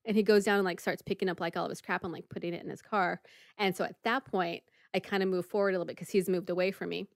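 A woman's voice: lowish voice, quick pace, vocal fry, dry recording, studio quality. A woman co-hosting a podcast, telling a story in casual chat, full of "like" and acting out the people in it. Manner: lively storyteller, many "like" fillers, acts out the people in the story. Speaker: podcast co-host.

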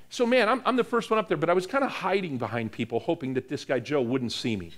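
A man from the US East Coast preaching a sermon, telling a story in an animated way and acting out the dialogue in it. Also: on the high side, quick pace, few pauses. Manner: animated storyteller, acts out dialogue, repeats words. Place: church hall with live audience.

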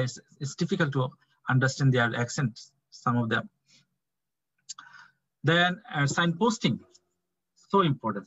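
Bangladeshi clinical tutor, male, thirties, repeats key points, slightly high voice over a dull call line. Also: fairly bright tone, slightly rough, no room sound. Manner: repetitive, acts out doctor-patient dialogue. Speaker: clinical teaching fellow. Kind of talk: online medical teaching session.

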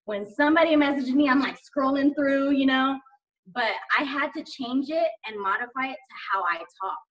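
A woman's voice: high voice, normal speed, a bit bright, distant mic, highs cut off. A woman guest chatting casually in an interview, enthusiastic and rambling with lots of fillers. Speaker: guest sharing sales tips.

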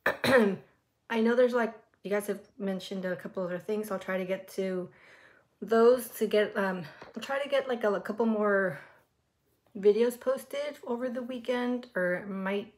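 A woman's voice: mid-range voice, unhurried, a little mellow. Giggly, gushing woman vlogger. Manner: chatty and gushing, many filler words; frequent giggles while talking. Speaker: reaction video host. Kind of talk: casual reaction vlog.

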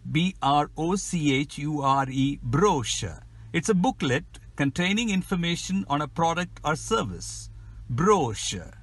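A man's voice: a little high, lively intonation. A man with an Indian English accent teaching English pronunciation in a scripted podcast lesson, spelling words letter by letter. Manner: slow, careful, spells words out.

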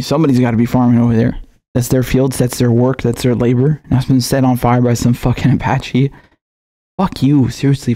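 Man, commentary host, furious profane rant, low mellow tone. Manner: angry, profane ranting with stammered restarts. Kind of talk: heated video commentary.

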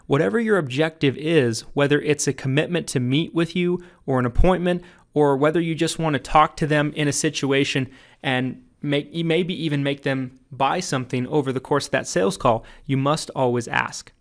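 Emphatic man reading his sales book. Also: a bit bright. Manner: emphatic, coaching, punchy delivery with leaps in pitch on key points. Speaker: author narrating his own audiobook. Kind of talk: audiobook narration of a sales training book.

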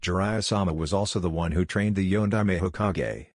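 A man's voice: deep voice, moderate pace, dry recording, studio quality. A man reading the lines of a serious adult ninja teacher explaining.

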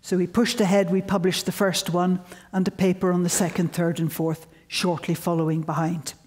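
A woman in her seventies, a guest lecturer, speaks at a moderate pace in a voice on the low side. In her public lecture she tells wry stories about her early career, animating the quotes as she goes.

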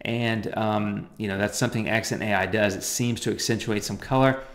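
A man's voice: fairly low pitch, fairly even intonation, a little fast, reverberant. A man casually talking through a photo editing tutorial in a loose, chatty way with plenty of fillers and asides. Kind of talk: casual screen-recorded tutorial.

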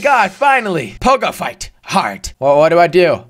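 Music plays in the background as a young man on a gaming channel offers excitable let's-play commentary in a high-pitched voice at a moderate pace. He chats to himself and shouts and swears at the game.

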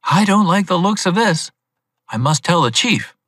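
A man reading as an eager young male detective's assistant in a storybook, speaking in quick, excited bursts. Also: sits high, dry recording, studio quality, pitched above the performer's own voice.

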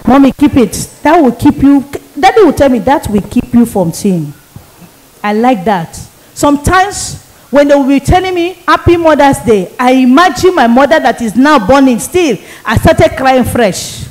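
A woman's voice: high voice, lively intonation, normal speed, a little mellow, rough recording. A woman evangelist, giving an emotional sermon testimony and repeating phrases for emphasis. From Nigeria.

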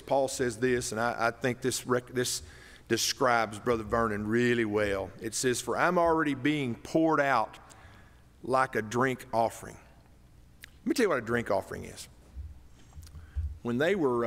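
Preacher in a reverberant church. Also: male voice, medium pitch. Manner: folksy, emotional, rising to loud emphatic peaks. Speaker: pastor. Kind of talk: funeral sermon. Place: church sanctuary. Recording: long reverb in a church hall.

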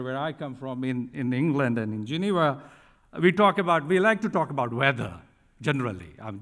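A middle-aged man giving a conference keynote speech, talking deliberately with frequent ums and emphatic restatements. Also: mid-range voice, fairly bright tone. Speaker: keynote speaker at an industry conference. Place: large conference hall. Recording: reverberant hall sound.

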